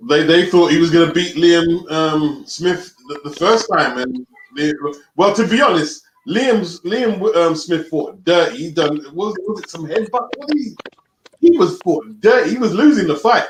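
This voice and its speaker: A man with a somewhat high voice, on a boxing talk panel, talking hesitantly with many fillers and restarts. His voice carries a roomy echo over faint background noise. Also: lively intonation, normal speed. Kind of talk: casual chat.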